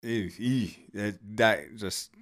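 A man with a very deep voice co-hosts a true crime podcast. He chimes in with casual, crude jokes and quick reactions to his partner's narration. His tone stays loose and conversational. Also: a bit bright. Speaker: podcast co-host.

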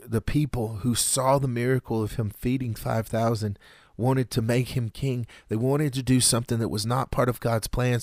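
A man preaching a sermon in an earnest, measured way, with dramatic pauses. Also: medium pitch, darkish tone, no room sound, studio quality.

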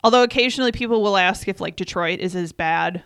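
Smooth-voiced woman chatting thoughtfully. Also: mid-range voice, quick pace, a bit bright, no room sound, clean studio sound. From Michigan. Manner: thoughtful, explains at length. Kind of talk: casual chat. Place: North Carolina.

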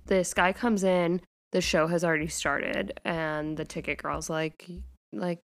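Smooth-voiced woman chatting casually. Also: low-pitched, steady tone, normal speed. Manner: retells scenes with quoted voices, says "like" often. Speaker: podcast co-host. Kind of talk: casual chat recapping a TV episode.

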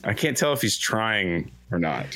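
A man's voice: fairly low pitch, sing-song, normal speed, a loud crowd. A man co-hosting a casual podcast chat, blunt and swearing freely. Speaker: podcast co-host.

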